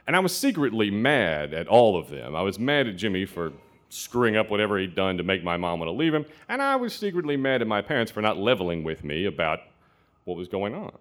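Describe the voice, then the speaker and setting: A man telling a true personal story in an earnest, confessional way, with halting restarts. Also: on the low side, wildly swooping pitch, fairly bright tone.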